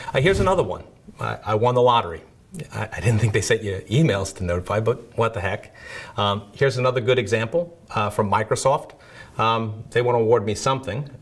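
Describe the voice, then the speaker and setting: A man presenting a security awareness video episode in a conversational, self-deprecating way, often checking in with "right?". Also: mid-range voice.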